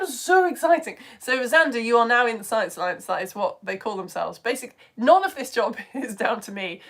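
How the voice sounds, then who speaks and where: A British woman, a physics teacher, chatting brightly on a live-stream lesson and hopping between asides. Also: mid-range voice. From United Kingdom. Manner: bubbly, chatty, jumps between topics, quick asides. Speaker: physics teacher and livestream host.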